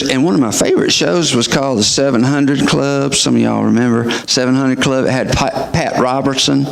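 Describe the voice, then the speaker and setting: A middle-aged male pastor preaches a sermon, putting emphatic, rhetorical questions to his listeners. His voice is medium in pitch with some vocal fry.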